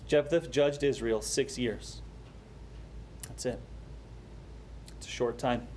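A man preaching a sermon, explaining a scripture passage with rising emphasis and quieter, slower asides. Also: medium pitch, slight background noise. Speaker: pastor.

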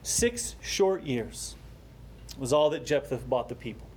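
A man preaching a sermon, explaining a scripture passage with rising emphasis and quieter, slower asides. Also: mid-range voice, animated, a little hiss or hum. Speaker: pastor.

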